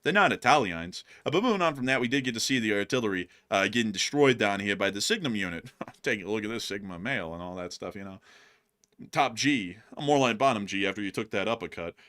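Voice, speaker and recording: A man's voice: lowish voice, lively intonation, fast talker, fairly bright tone. A man hosting a war news show, giving casual commentary and joking as he addresses his viewers as folks.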